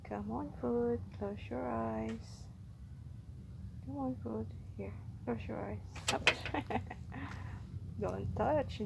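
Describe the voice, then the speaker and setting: Woman, pet vlog, cooing baby talk, very slow, gravelly fry, faint hiss. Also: a little high, rough recording. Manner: coos and soothes in slow, soft sing-song. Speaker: pet vlogger.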